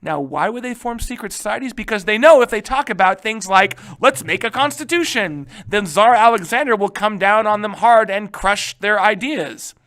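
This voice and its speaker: A male history teacher giving a casual, animated lecture, joking and checking in with his students. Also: high voice, moderate pace, hardly any pauses. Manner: animated, joking, keeps asking "right?".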